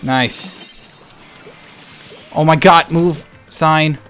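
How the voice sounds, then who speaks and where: A young man calls out his online match as he plays, his voice sitting a little high for a man. He bounces between cheering his team on and venting about losing, with faint music underneath. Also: drawn-out words. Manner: excitable, swings between hype and frustrated ranting. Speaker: gaming channel host. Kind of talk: live gameplay commentary.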